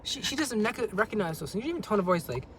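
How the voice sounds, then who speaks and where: Rambling man with a higher voice. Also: big pitch swings, fast, noisy background. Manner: rambling, repeats words and restarts sentences. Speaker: vlogger. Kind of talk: casual monologue.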